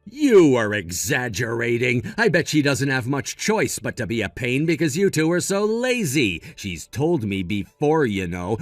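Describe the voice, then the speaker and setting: A man's voice: a little high, no room sound, clean studio sound. A man narrating a text-message story in a blunt, scolding tone. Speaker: narrator voicing text chat.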